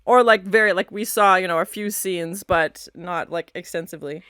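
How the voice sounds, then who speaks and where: Female reaction host with a bright, crisp voice, chatty and animated. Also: on the low side, normal speed, no echo, studio quality. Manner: animated, chatty, often squeals and laughs. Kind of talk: reaction commentary.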